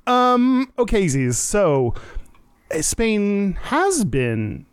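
Podcast cohost guy, jokey, laughs a lot, crisp dry sound. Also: sits high, very animated, drawn-out words, no room sound. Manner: joking, laughs often. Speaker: podcast co-host. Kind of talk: casual chat.

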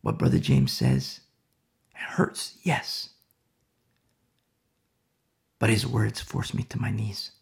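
A man preaching a sermon with fervor, swinging between loud exhortation and hushed, whispered prayer. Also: fairly low pitch, expressive, slow pace, gravelly, pauses often.

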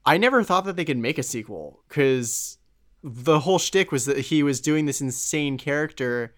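A man's voice: a little high, animated, moderate pace. A man in his twenties co-hosting a podcast in casual chat, laughing often and filling his talk with "like". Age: 20s. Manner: chatty, laughing, with many "like" fillers. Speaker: podcast co-host.

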